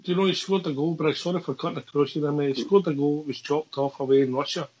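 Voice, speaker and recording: A man's voice: on the high side, fairly even intonation, fast talker, a little mellow, slightly rough, rough recording. A man hosting a fan radio chat, putting questions to the others and steering the talk. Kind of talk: casual chat.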